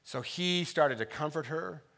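Bright-voiced middle-aged pastor preaching. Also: male voice, on the high side, unhurried, creaky. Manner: animated storyteller, shifting from loud punchlines to soft, quiet reflection. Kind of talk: sermon with personal stories. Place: church sanctuary.

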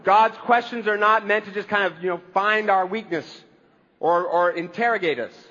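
A man's voice: high voice, normal speed, pushed and bright, long reverb tail, lo-fi sound. A man preaching a conversational sermon as a pastor, with wry humor.

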